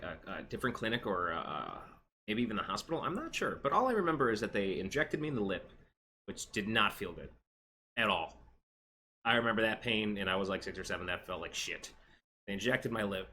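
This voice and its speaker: A man's voice: lowish voice, a little hiss or hum. A man in his thirties casually telling a rambling personal story as a vlogger, with lots of restarts. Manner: rambling, animated, with restarts and quoted voices.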